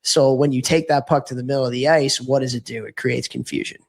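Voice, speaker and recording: A man's voice: medium pitch, steady tone, quick pace, creaky. Man, podcast co-host, casual hockey chat, loose explanatory rambling, mid-range voice. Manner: rambling, self-correcting, explanatory.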